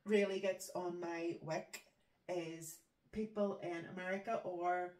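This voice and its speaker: A Northern Irish woman co-hosting a casual podcast, chatty and self-mocking, quick to laugh. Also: on the low side, steady tone, darkish tone. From Northern Ireland. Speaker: podcast co-host. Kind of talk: casual chat. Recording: echoey room, distant mic.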